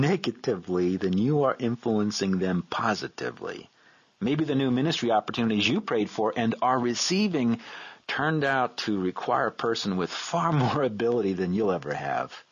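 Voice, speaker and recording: A man's voice: on the low side, breathy edge. A man reading his own devotional book aloud in an earnest, reflective way. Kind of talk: scripted devotional narration. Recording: dull lo-fi recording.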